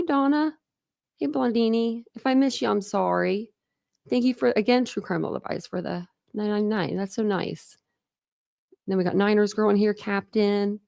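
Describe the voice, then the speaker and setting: A woman hosting a livestream, chatting casually and greeting her viewers one by one, warm and grateful toward them. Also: medium pitch, creaky, no echo, studio quality. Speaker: livestream host. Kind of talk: casual live chat with viewers.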